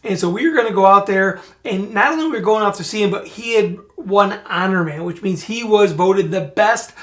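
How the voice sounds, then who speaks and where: A middle-aged man from Michigan, co-hosting a podcast, telling a family story in a lively, casual way. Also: high-pitched, a little fast. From Michigan, USA. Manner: animated storyteller who speeds up and gets loud when retelling scenes. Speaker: podcast co-host.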